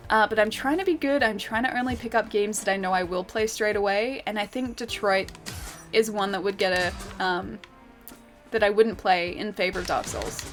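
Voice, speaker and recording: A woman's voice: mid-range voice, moderate pace, a bit bright. A young woman streaming a game, chatting casually with her viewers, giggling often and filling her talk with little asides. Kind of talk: casual gameplay chat, reading chat aloud. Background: faint game music.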